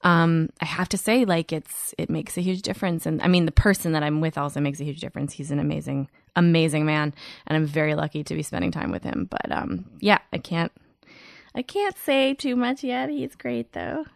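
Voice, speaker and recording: A woman comedian appears as a podcast guest, telling animated stories packed with fillers and restarts in a casual chat. Her voice sits low and is gravelly, and she speaks fairly quickly. The studio sound is clean with no echo.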